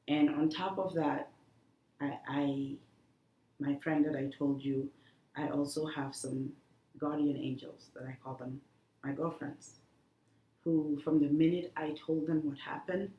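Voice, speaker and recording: A woman being interviewed, talking earnestly and haltingly, with many restarts. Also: deep voice, fairly even intonation, lo-fi sound. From The Gambia. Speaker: guest, cancer survivor. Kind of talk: emotional interview talk. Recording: echoey room.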